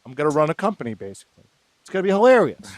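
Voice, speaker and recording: Guy on a podcast being dry and sarcastic, kinda high voice, no room sound. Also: racing, dry recording. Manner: wry, deadpan sarcasm. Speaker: podcast co-host. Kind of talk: casual chat.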